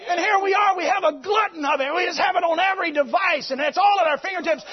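A man preaching a sermon to his congregation, swinging between loud exclamations and quiet, low passages. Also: fast talker. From United States. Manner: animated preaching, swings between shouting and hushed. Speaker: pastor. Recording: dull lo-fi recording.

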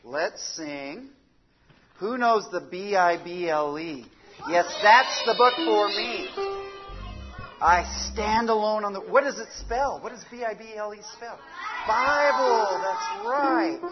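An upbeat woman leads children through a sing-along, coaxing and praising them at an everyday pitch. Her voice comes through dull and lo-fi, with loud guitar playing underneath. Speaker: children's worship leader. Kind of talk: leading a kids' sing-along and chat. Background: guitar music.

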